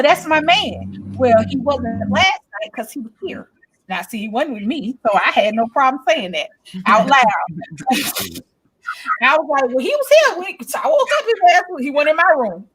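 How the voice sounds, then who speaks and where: A high-voiced woman in her forties tells a story in a loose, casual chat. She is blunt and profane and jumps between the voices of everyone in the story, now loud, now quiet. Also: low-quality recording. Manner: animated, blunt and profane, acting out both sides of arguments. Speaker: podcast co-host.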